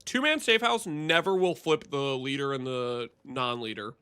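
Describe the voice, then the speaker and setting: A man streaming a game live, chatting casually with viewers in an excitable, teasing way and laughing often. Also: mid-range voice, clean tone. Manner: excitable, teasing, quick to laugh and banter with chat. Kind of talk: casual live gameplay commentary to chat.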